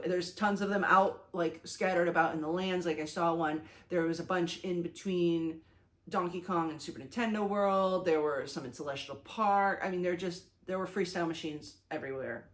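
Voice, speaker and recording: A young woman vlogger in a casual talking-head video, talking excitedly and chattily with lots of fillers and restarts. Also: fairly low pitch.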